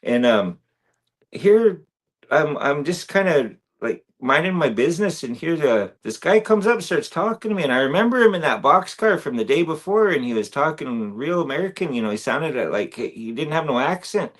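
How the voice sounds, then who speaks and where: A man's voice: fairly high pitch, sing-song, normal speed. A man chatting casually as a guest actor, telling stories with frequent laughs and acting out what people said. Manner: storytelling, laughs often, acts out quoted voices. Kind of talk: casual interview chat.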